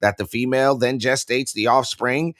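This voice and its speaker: A man's voice: mid-range voice, steady tone, normal speed, a bit bright, dry recording, clean studio sound. A man co-hosting a casual political morning talk show, reading text aloud with sarcastic, incredulous asides. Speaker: co-host.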